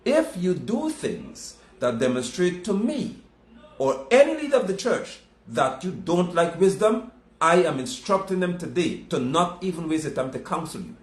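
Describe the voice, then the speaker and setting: Emphatic preacher man, lively pitch. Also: moderate pace, reverberant. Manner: emphatic, repetitive, scolding. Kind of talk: sermon.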